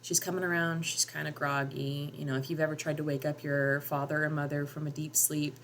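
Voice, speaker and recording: A woman's voice: deep voice, flat delivery, fairly quick, fairly bright tone, a little hiss or hum. A woman with a Southern drawl casually explaining how she edits a short story, thinking aloud with frequent ums. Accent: Southern US, North Georgia Appalachian. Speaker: writer and editing teacher. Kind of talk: casual editing tutorial.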